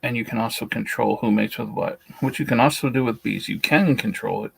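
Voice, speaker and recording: A man's voice: mid-range voice, brisk, creaky, fairly bright tone, husky, no room sound, poor audio. A man hosting a beekeeping talk stream, blunt and opinionated, speaking with a shaky voice and often restarting his sentences. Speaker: beekeeping channel host. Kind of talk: casual livestream talk, reading and answering a list.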